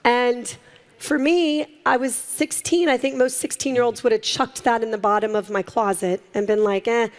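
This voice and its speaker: A middle-aged woman, a guest in an interview, telling her story in a lively way and acting out the people she quotes, laughing often. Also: on the high side, moderate pace. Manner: animated, acts out quoted voices, laughs often. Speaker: guest, entrepreneur.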